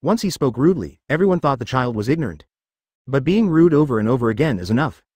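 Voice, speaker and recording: A man narrates a fan-fiction story in a steady read-aloud manner, his pitch rising and falling in a lively way. The recording is close and dry, with almost no room sound. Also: fast, slightly rough, no room sound. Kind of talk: reading a fanfic audiobook.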